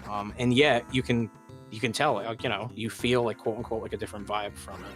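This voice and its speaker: A man's voice: lowish voice, fairly even intonation, fairly quick, soft background music. A man hosting a gaming stream, chatting casually and rambling with many fillers and restarts. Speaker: streamer and host. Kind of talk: casual chat while gaming.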